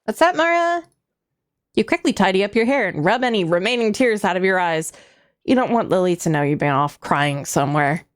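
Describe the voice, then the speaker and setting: A woman's voice: on the low side, fairly quick. A woman streaming a game, reading its narration aloud with a wry, playful manner.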